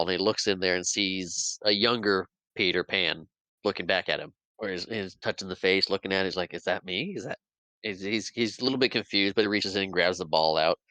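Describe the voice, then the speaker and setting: Deep, bright-toned man recapping a movie. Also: clean tone, no room sound. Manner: animated retelling, acts out quotes, laughs often. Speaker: podcast host. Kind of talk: casual movie recap chat.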